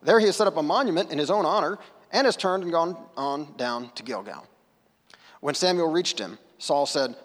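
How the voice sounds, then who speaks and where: A man's voice: on the high side, lively intonation, brisk. Casual man preaching in a reverberant hall. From United States. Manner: casual, conversational, self-deprecating asides. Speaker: pastor. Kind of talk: sermon. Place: church sanctuary.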